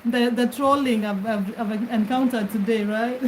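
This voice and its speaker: A woman's voice: on the high side, steady tone, moderate pace, slight background noise, low-quality recording. Chatty woman on a livestream. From Kenya. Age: middle-aged. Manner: chatty, greets commenters, laughs often. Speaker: livestream host. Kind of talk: casual livestream chat. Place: bedroom, lying on her bed.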